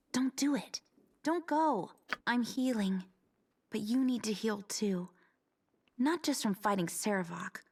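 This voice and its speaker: A weary young adventurer pleads with her friend in a soft, hushed voice. Her tone stays gentle and affectionate, sometimes dropping almost to a whisper. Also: medium pitch.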